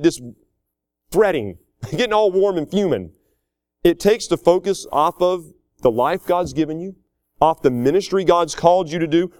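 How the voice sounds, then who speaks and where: Folksy preacher, dry close sound. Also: male voice, high voice, dry recording. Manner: folksy, animated preaching with chuckles and acted-out quotes. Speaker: pastor. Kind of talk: sermon.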